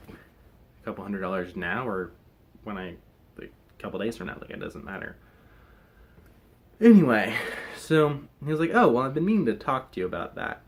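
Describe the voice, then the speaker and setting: A man's voice: on the low side, slightly rough. A young man chatting casually to camera in a rambling, hesitant way, full of fillers and restarts. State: recovering from wisdom teeth removal. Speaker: vlogger.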